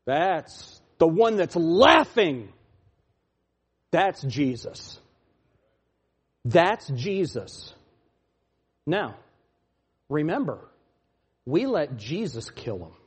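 Husky-voiced pastor preaching loud and lively. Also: male voice, very slow, pauses often. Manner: mocking, swings from loud laughing shouts to low muttering. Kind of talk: sermon.

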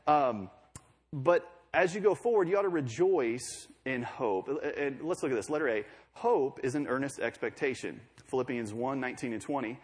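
A man's voice: mid-range voice, lively intonation, normal speed, husky. A young man preaching a sermon in a conversational way, with joking asides between scripture readings.

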